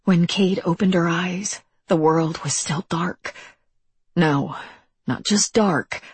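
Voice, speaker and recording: Audiobook narrator, slow measured delivery, very breathy husky tone. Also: medium pitch, no echo. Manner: measured, even dramatic reading.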